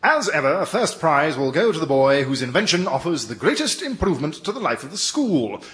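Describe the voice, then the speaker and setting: A man playing a pompous boarding school headmaster in a radio comedy sketch, making booming announcements. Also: big pitch swings, brisk, a bit bright. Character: stern shouting boarding school headmaster, man, middle-aged.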